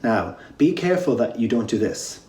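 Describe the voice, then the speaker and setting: A man teaches voice warm-ups as a home drama lesson and walks listeners through breathing exercises step by step. His pitch is mid-range for a man and his manner is encouraging. The recording is roomy and reverberant. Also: very animated, moderate pace. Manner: encouraging, gives step-by-step instructions. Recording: echoey room.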